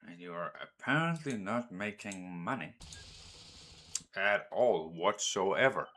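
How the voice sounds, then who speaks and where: A man with a Danish accent, talking through a game at an unhurried, drawn-out pace. His voice sits a little low, and he chats to his trains and swears when a route goes wrong. Keyboard clicks and typing are heard behind him. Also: lively intonation, sharp tone. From Denmark. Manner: slow and drawn out, thinking aloud while setting up routes. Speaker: gaming streamer. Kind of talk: casual gameplay commentary.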